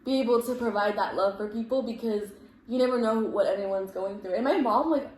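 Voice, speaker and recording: A woman's voice: on the high side, fairly quick, a little mellow. A woman hosting a casual chat podcast who talks in an earnest, reflective way and fills her sentences with "like". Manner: earnest, reflective, leans heavily on "like". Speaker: podcast host. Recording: roomy echo with faint background noise.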